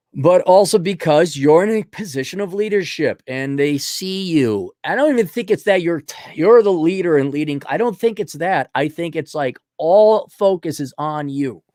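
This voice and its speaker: A man's voice: fairly high pitch, darkish tone, dry recording, studio quality. A middle-aged man hosting his own show, rambling through a casual monologue and acting out little scenes in other voices. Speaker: podcast host.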